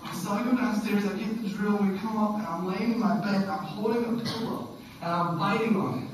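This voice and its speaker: A man's voice: sits high, fairly quick, far from the mic, a little hiss or hum. Young man preaching in an echoey hall. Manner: animated storytelling, frequent "okay?". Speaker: youth speaker. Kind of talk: youth sermon. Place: school hall, live audience.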